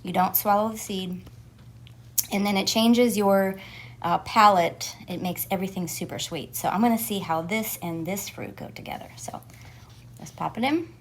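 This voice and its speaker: A woman's voice: mid-range voice, steady tone, normal speed. A woman hosting a casual home gardening vlog, talking chattily and sometimes chewing as she speaks. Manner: chatty, chews while talking at times. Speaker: gardening vlogger.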